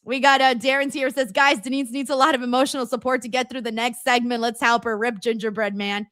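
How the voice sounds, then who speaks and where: Bright-voiced, laughing woman streamer. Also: fairly high pitch, fast, no room sound, studio quality. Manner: laughs often, swears freely, animated and chatty. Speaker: streamer hosting a wrestling watchalong. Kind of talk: casual chat reacting to a live show and reading comments.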